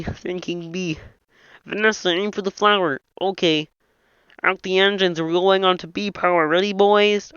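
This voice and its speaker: A high, reedy frog voice, voices every character in a film script without changing the voice. The tone is bright and crisp. It sits close and dry on a dull lo-fi mic. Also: male voice, no room sound. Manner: voices all the film's characters in one frog voice. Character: [man doing] Kermit the Frog, nasal puppet frog. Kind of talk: comedic impression reading a film script.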